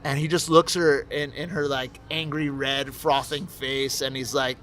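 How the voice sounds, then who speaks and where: A man who owns a brewery, telling stories casually in an interview, relaxed and profane, laughing as he talks. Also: medium pitch, measured pace, few pauses. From Miami, USA. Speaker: brewery owner, interview guest. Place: his brewery.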